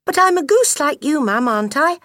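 A woman's voice: sits high, expressive, brisk, fairly bright tone, dry recording, clean studio sound, voice pushed up. A woman voicing a young male gosling who asks eager questions, in a storybook reading.

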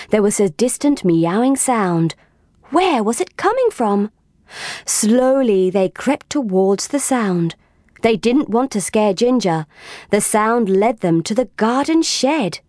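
A woman reading a children's storybook aloud in a gentle, unhurried manner. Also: mid-range voice, expressive, no echo, clean studio sound. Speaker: audiobook reader.

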